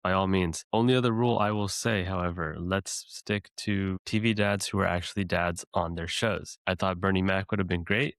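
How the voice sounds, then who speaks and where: Gravelly deep-voiced man moderating. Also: steady tone, moderate pace, hardly any pauses, fairly bright tone, no room sound. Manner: laying out rules, wry. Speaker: draft moderator. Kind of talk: casual podcast chat.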